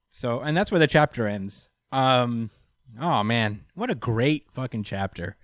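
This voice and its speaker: Recapping a manga chapter as a podcast co-host, a young man keeps things casual and animated, laughing frequently and acting out what the characters say. He speaks at a measured pace in a mid-range voice, with no room sound.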